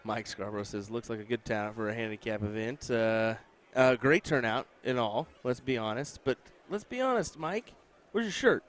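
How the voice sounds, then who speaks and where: A male darts commentator with a mid-pitched voice calls the match live in a dry, teasing way. He mixes plain explanation of the schedule and the play with ribbing of his partner. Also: normal speed, few pauses. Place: casino event hall.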